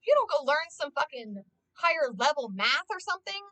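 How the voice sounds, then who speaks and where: A woman's voice: high voice, very animated, brisk, sharp tone, rough recording. A young woman streamer talking casually as she plays and watches, ranting animatedly and swearing often. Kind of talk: casual live-stream commentary.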